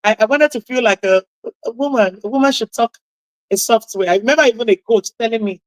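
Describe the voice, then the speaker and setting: A woman with a husky voice hosting a radio talk show, giving an impassioned motivational talk and repeating key phrases for emphasis. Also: mid-range voice, fast, no echo, rough recording.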